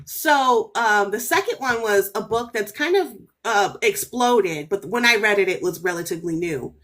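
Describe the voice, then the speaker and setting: A woman author telling stories as a podcast guest in casual, animated chat, cursing freely. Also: medium pitch, moderate pace. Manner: animated, storytelling, swears freely.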